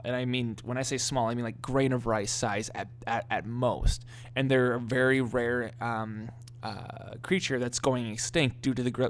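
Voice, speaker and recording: A man telling funny family stories in a casual podcast chat, laughing often and restarting his sentences. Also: medium pitch. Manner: animated storyteller, laughs often, many restarts. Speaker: podcast co-host.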